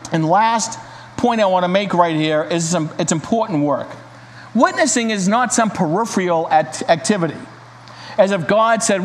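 High-voiced earnest preacher man. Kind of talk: sermon with read-aloud story. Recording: reverberant hall, faint hiss.

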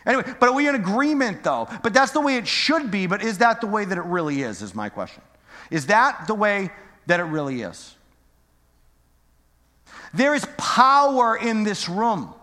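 His voice sits high and sharp, moving briskly with big pitch swings, as this middle-aged pastor gives a casual, joking sermon. The echoey church hall carries his conversational tone and his many rhetorical questions to the congregation.

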